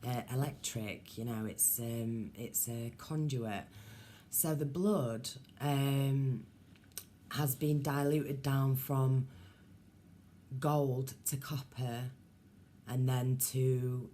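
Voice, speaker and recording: Very deep-voiced woman musing. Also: steady tone, drawn-out words, warm tone, slight background noise. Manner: musing, meandering, many ums and asides. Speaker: vlogger. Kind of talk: rambling casual monologue to viewers.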